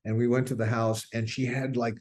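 A man's voice: medium pitch, flat delivery, a little fast, darkish tone. An older man, a singer, chatting casually in an interview, rambling and restarting often as he tells stories.

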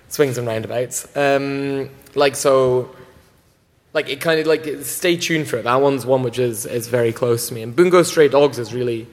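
A man chats on a convention panel, eager and rambling, full of likes and ums. His voice sits in the middle range and rings out with the long reverb of a big hall. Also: mid-range voice. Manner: enthusiastic, rambling with many fillers. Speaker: anime distributor panelist.

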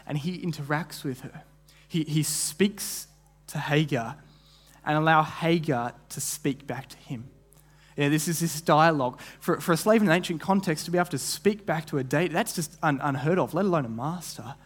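A man giving a sermon as a guest preacher, earnest and often restarting phrases, now and then acting out what people might have said. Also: a little high. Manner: acts out imagined voices in quick asides.

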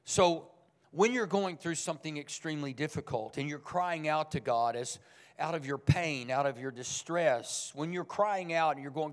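A man's voice: a little high, normal speed, big-room sound. A man preaching a sermon as pastor, speaking in a conversational but emphatic way. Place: church sanctuary.

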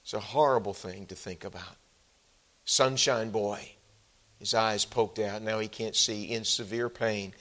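A male preacher delivering a sermon in a church, swinging between loud, emphatic peaks and low, quiet passages. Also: steady tone, unhurried. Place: church sanctuary.

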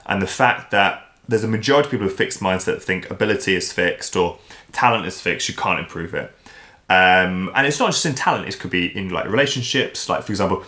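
A man as a podcast guest, talking in a casual, animated way and acting out the voices he quotes. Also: sits low, a little fast. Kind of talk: casual interview chat. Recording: roomy echo.

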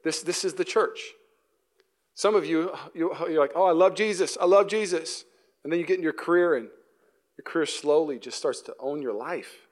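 A young man preaching a sermon, telling a story with acted-out voices and laughs, then dropping to a soft, low, earnest voice for the serious points. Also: moderate pace. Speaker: pastor. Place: church auditorium.

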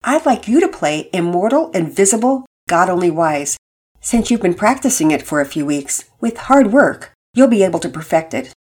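A woman voicing a homeschooling mother who speaks gently and encouragingly to her children. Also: on the low side, sing-song, moderate pace, breathy edge.

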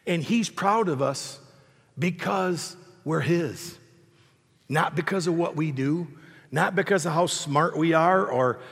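Gravelly older man preaching in a hall. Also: a little high, a bit bright. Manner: conversational, self-deprecating storytelling. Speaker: pastor. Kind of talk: sermon. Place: church hall. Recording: long reverb of a hall.

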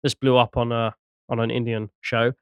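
A man's voice: mid-range voice, level tone, normal speed, clear, resonant tone, no room sound, highs cut off. A man hosting a casual podcast chat, laughing often and reading posts aloud. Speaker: podcast host.

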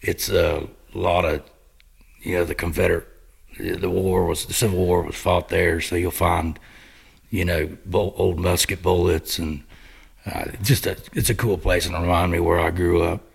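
Gravelly deep-voiced man. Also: little pitch movement, normal speed. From Missouri, USA. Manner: laid-back storyteller, rambling with fillers. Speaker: guest. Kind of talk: casual podcast chat.

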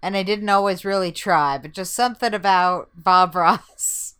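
A woman's voice: lowish voice, moderate pace, a bit bright, smooth. A woman co-hosting a casual podcast chat, mostly giving short eager reactions. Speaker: podcast co-host.

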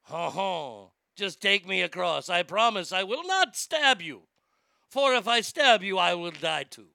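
A man's voice: sits high, very animated, unhurried, vocal fry, sharp tone, dry recording, clean studio sound, full character voice. A man voicing a sly male scorpion in a put-on French accent, suave and mock-polite.

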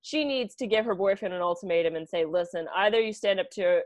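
Comedian woman, mid pitch, dry close sound, blunt casual advice. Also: fast, no echo. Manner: laughs easily, gives blunt advice. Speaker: co-host.

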